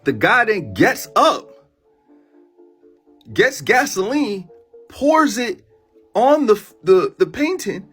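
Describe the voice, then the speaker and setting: A man's voice: high-pitched, slow pace, pauses often, slightly rough, soft background music. A man casually telling a story into his phone in profane street slang, acting out what everyone said. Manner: animated, profane street slang, retells a dream with voiced quotes.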